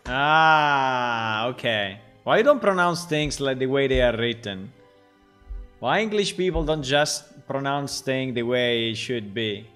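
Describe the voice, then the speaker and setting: Guy streaming game dev, slow and rambly, pitch jumps all over. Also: animated, a bit bright, smooth, faint music behind. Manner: rambling, amused, thinks aloud. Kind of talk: live development stream chat.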